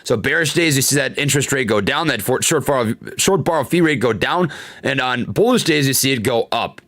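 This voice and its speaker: A young man hosts a live trading stream in a mid-range, slightly bright voice, speaking fairly quickly and expressively. Reading chat aloud as he comments on charts, he gets frustrated, swears, and laughs it off.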